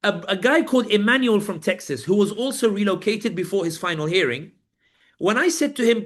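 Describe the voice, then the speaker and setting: A man's voice: high-pitched, expressive, a little fast, a bit bright. A man, a journalist guest on a live panel, recounting his experiences as vivid storytelling, acting out the people he met in quotes. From Britain. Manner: vivid storytelling, acts out guards and inmates in quotes.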